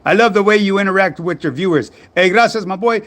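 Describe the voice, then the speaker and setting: Socal guy on a livestream, kinda high voice, loose and cussing, reading comments. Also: quick pace, a bit bright. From Southern California. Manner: slangy, profane, laid-back. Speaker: fitness livestream host. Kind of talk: casual livestream chat answering comments.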